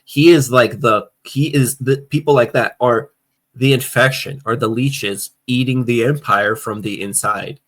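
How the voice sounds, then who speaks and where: A man's voice: mid-range voice, measured pace, a bit bright. A man co-hosting a casual political podcast, ranting heatedly and swearing often. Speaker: podcast co-host.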